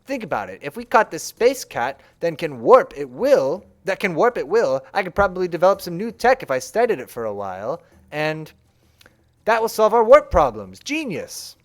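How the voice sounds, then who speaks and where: Animated man streaming a game. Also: a little high, brisk, hardly any pauses. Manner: playful, reads game dialogue aloud in voices. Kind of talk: live game commentary.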